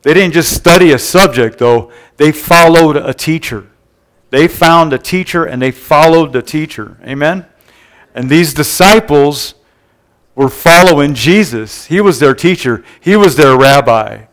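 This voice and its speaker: A man preaching a sermon to a congregation in a relaxed, conversational way, often checking in with the room. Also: on the high side, unhurried. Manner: conversational, keeps asking the room "Amen?". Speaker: pastor. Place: church service before a congregation.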